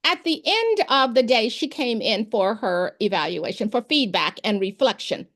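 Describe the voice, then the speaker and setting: In a casual interview, a woman who once served as a principal and works as an education expert shares classroom anecdotes. She acts out the dialogue with animation, speaking at a moderate pace in a fairly high voice.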